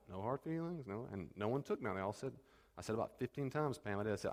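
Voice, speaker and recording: A male pastor preaching a sermon in a conversational, animated way, acting out bits of dialogue. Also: mid-range voice, very fast, in a large hall.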